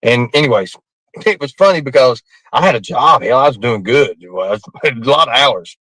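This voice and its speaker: A man's voice: mid-range voice, lively intonation, normal speed, a bit bright, no echo, rough recording. A man telling a rambling story casually, laughing often and cursing freely. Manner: rambling, laughing through the tale, coarse language.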